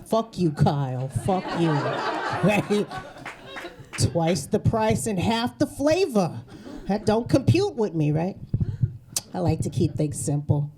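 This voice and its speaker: This woman's mid-range voice has a sing-song lilt, and she speaks slowly, leaving long pauses against a noisy background. She's a comedian from New England doing a brash, profane East Coast set before a live audience, landing sarcastic punchlines as the stage mic picks up laughter.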